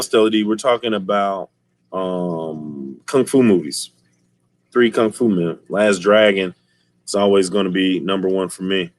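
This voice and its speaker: A man streaming and chatting casually with his viewers, telling stories in an animated way and laughing often. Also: low-pitched, no room sound. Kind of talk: casual chat.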